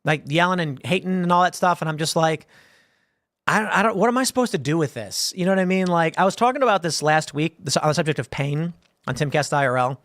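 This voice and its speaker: A man's voice: fairly high pitch, quick pace, a bit bright, no echo, clean studio sound. A man in his thirties hosting a live-stream show, rambling through casual commentary with frequent restarts and a conversational tone. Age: 30s. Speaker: show host.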